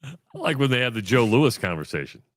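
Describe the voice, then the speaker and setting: A man's voice: mid-range voice, big pitch swings, brisk, a bit bright, dry recording, studio quality. A man co-hosting a sports radio show, chatting casually and joking, sometimes tripping over his words. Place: radio studio.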